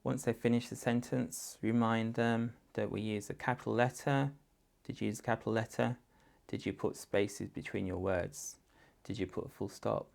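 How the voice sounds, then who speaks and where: A man's voice: lowish voice, fairly even intonation, moderate pace, vocal fry, darkish tone. A man with an English accent, a teacher patiently walking parents through a phonics writing exercise step by step. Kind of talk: instructional guidance for parents.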